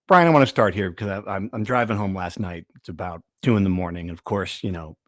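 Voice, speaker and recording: A man's voice: deep voice, fast talker, a bit bright, no echo, studio quality. A man hosting a casual sports podcast, rambling and trailing off as he talks. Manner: rambling, self-deprecating, trails off. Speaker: podcast host.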